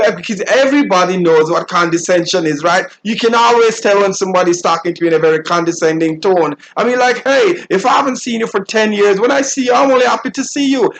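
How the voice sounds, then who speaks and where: A man hosting a solo talk show, giving an animated, preachy monologue and mimicking people in high squeals. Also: rough recording. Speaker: show host.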